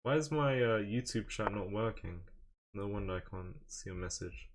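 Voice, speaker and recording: A man's voice: lowish voice, expressive, moderate pace, slight background noise. A young man streaming chess live, joking and boasting while reading out chat messages.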